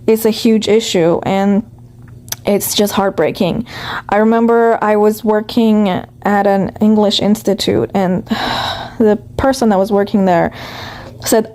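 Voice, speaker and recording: A woman from Iran telling a personal story to camera, in a halting way with many restarts. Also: medium pitch, fairly even intonation, darkish tone.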